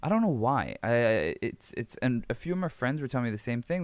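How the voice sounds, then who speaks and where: A man's voice: medium pitch, sing-song, fast talker, few pauses, dry recording. A man hosting a casual podcast, rambling and swearing freely while recapping wrestling, laughing often. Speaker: podcast host.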